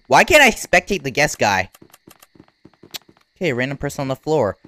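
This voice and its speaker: A gaming YouTuber giving unedited play-by-play commentary, talking in casual slang and reacting loudly to what happens on screen. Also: medium pitch, moderate pace. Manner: excitable, reacts loudly to game events; casual slang-filled chatter. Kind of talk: unedited live gameplay commentary.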